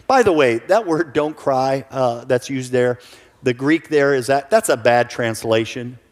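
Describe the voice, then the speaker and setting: A male pastor giving an earnest sermon who often repeats his first words when starting a sentence. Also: mid-range voice. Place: church sanctuary. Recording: church hall reverb.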